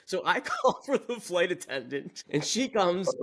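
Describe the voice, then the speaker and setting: A man with a slightly raised voice hosts a relaxed podcast conversation. He tells stories with lively energy and laughs as he talks. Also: high voice, a little slow. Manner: lively storyteller, laughs while telling. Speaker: podcast host. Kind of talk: casual chat.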